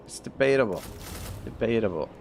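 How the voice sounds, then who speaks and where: A man's voice: on the low side, expressive, a little fast, gravelly, a little hiss or hum. A man with a Canadian accent streaming a strategy game, chatting with viewers and reading their messages aloud. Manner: rambling, reads chat aloud, many fillers and restarts. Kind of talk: live gameplay commentary, chatting with viewers.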